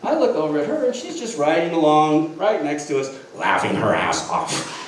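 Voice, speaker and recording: A man's voice: on the high side, moderate pace. A man in his fifties telling a comic tall tale with lots of laughter. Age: 50s. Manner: animated, laughing often. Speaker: storyteller. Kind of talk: comic storytelling skit. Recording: echoey room from far off, faint noise.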